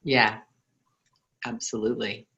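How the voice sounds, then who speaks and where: A woman co-hosting an online book club discussion, chatty and quick to laugh. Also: very deep voice, level tone, pushed and bright, dull audio. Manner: chatty, laughs often, quotes others in voices.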